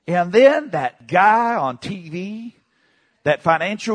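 A male pastor preaching a charismatic sermon, dropping to low murmurs and then shouting exclamations, and having the congregation repeat phrases after him. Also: big pitch swings, slow.

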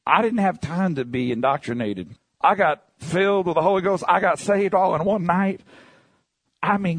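High-voiced preacher, animated and shouting at times. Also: male voice, no echo. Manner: animated storyteller, bursts into shouts. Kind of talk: sermon with personal testimony.

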